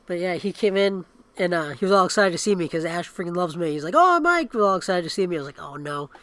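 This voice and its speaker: High voiced guy talking fast on a podcast, acts out what people said. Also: no echo. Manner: animated, acts out quotes in raised voices. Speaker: podcast co-host. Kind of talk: casual chat.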